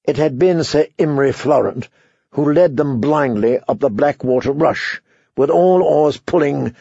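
A man narrating a story as an audiobook reader, in a measured, even way. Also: on the high side, vocal fry, slightly rough, no echo, highs cut off. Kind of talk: scripted narration.

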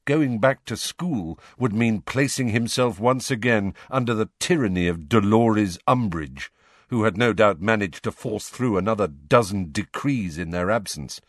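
Audiobook narrator: man, low voice, animated inflection, dry close recording. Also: dry recording. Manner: measured storytelling. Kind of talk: scripted narration.

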